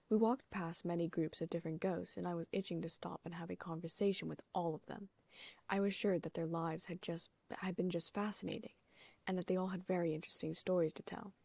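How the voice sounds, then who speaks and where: A woman reading a first-person fan fiction audiobook, giving the characters' lines small lifts in pitch and loudness. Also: fairly even intonation, a little fast, vocal fry, no room sound. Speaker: audiobook narrator.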